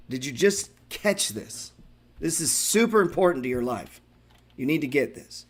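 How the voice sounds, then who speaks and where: A man's voice: a little high, moderate pace, slight background noise. A man hosting a stock trading show, giving loose, profane live market commentary and talking straight to his viewers. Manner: excitable, profane, talks to viewers directly.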